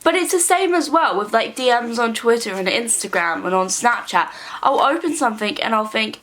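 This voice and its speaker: A woman's voice: on the high side, lively intonation, a little fast, a bit bright. A young woman YouTuber talking straight to camera in a casual vlog, ranting about her own habits in a sarcastic, dramatic way. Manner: sarcastic and dramatic, exaggerated rants.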